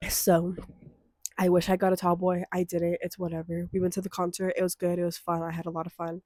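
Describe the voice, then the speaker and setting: A young woman in her twenties chatting casually to her viewers, swearing freely and slipping into mock-outraged rants between relaxed stretches. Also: lowish voice, brisk, no room sound, clean studio sound. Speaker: vlogger. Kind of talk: casual chat to camera.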